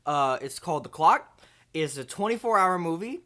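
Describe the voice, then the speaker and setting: A man's voice: fairly high pitch, animated, moderate pace, pushed and bright. A man hosting a comedy video, playing an overconfident movie ranker who rambles and stumbles over his words. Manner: bumbling, rambling, with many fillers and restarts.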